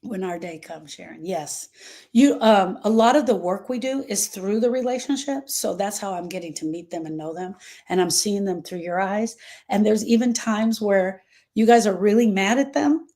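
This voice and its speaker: A woman's voice: mid-range voice, moderate pace, dark tone. A woman hosting a grief-coaching livestream, talking to viewers with emphatic repetition and reading their comments aloud. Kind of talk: live-stream talk to viewers.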